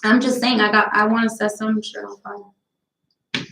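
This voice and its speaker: A woman's voice: medium pitch, level tone, a little slow, vocal fry, fairly bright tone, roomy sound, poor audio. A woman, chatting casually on her own live show, blunt, profane, rambling from story to story. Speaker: host of a live talk stream. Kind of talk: casual chat.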